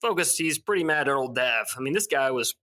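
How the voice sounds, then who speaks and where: A young man with a bright, clear tone co-hosts a casual book podcast. He talks through the plot in a loose, joking way and often laughs at his own asides. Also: medium pitch, lively intonation, brisk. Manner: recaps plot with laughs and mock character voices. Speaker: podcast co-host.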